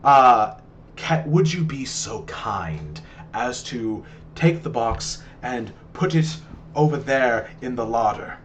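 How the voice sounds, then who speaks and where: A man's voice: medium pitch, animated, slow, a bit bright, a little hiss or hum. A man voicing a harried elderly male head chef, speaking in a flustered, curt way.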